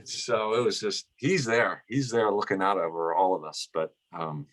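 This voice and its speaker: A man's voice: lowish voice, moderate pace, a bit bright. A middle-aged man being interviewed, reminiscing in a casual, rambling way with many restarts. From United States. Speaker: guest, son of the honoree.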